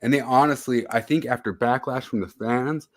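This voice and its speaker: A man's voice: mid-range voice, normal speed. A man co-hosting a casual podcast chat, rambling through pop-culture asides. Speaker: podcast co-host.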